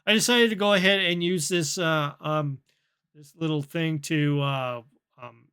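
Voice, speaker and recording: An amused man casually recounting his chats with an app, with a dry, chuckling delivery. His voice sits a bit high for a man, and he talks slowly and unhurriedly. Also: sharp tone, clean tone. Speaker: vlogger reviewing an app. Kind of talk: casual storytelling recap.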